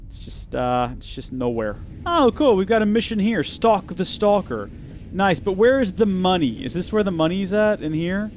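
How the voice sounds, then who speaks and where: A man's voice: high-pitched, lively intonation, normal speed, darkish tone, slight background noise. A man hosting a gaming video, giving chatty, wry and sarcastic commentary as he plays. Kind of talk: let's play commentary.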